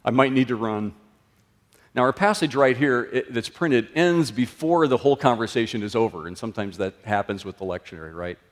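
A man preaching a sermon in a conversational way, his voice often rising and then dropping low and soft. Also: brisk, hardly any pauses. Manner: conversational, with sudden lifts and drops in pitch and loudness. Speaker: pastor. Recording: long reverb of a large room.

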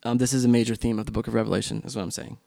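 A man's voice: medium pitch, fairly even intonation, very fast, vocal fry, warm tone. A man leading a church class discussion in a loose, unscripted way, with frequent ums and restarts.

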